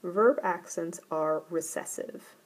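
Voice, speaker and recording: Woman teacher, recorded lesson, slow careful delivery, lowish voice. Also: poor audio. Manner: slow, careful and deliberate explanation.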